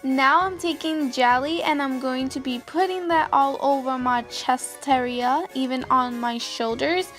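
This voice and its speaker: A woman's voice: sits high, a little slow, few pauses, over music. A young woman giving step-by-step voice-over narration for a makeup tutorial. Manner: steady step-by-step instructions. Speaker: makeup vlogger.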